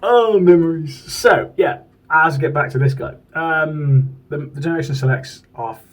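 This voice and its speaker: A man's voice: on the high side, steady tone, moderate pace, fairly bright tone, recorded from a distance, poor audio. A man from the UK, chatting casually and enthusiastically as a toy collector and swearing now and then. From United Kingdom. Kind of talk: casual chat. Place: home room.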